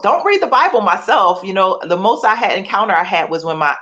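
A woman's voice: mid-range voice, animated, brisk, fairly bright tone, dull audio. A woman in her forties from Philadelphia shares her personal testimony as a guest. She tells it earnestly and emotionally, with many you-knows and restarts. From Philadelphia, USA. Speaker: author and guest.

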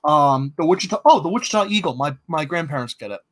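A man with a somewhat high voice talks through ideas in a relaxed co-hosting chat. He hesitates often, filling pauses with ums and starting sentences over. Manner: hesitant, many ums and restarts. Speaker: co-host planning a fiction podcast. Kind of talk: casual brainstorming chat.

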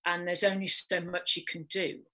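A woman's voice: lowish voice, little pitch movement, moderate pace, bright, forceful tone, rough recording. A woman with a North Welsh accent, chatting casually and animatedly in rambling asides. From North Wales. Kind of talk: casual chat.

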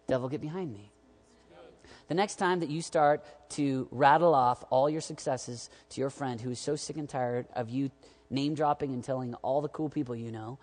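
Animated male preacher in a reverberant hall. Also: mid-range voice. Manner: animated, jokey, swings from loud urging to quiet asides. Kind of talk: sermon to young adults.

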